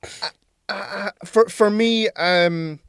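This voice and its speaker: A man chats on a film podcast, often hesitating and repeating words before getting to the point. His voice is a little high, recorded close and dry. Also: takes it slowly, fairly bright tone, clear, resonant tone, dry recording. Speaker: podcast co-host. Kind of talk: casual banter.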